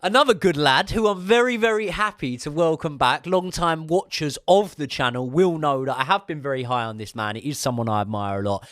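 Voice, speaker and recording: A man's voice: a little high, a little fast, few pauses, fairly bright tone, dry recording, studio quality. A young man co-hosting a casual football podcast, bantering and recalling old players. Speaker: podcast co-host.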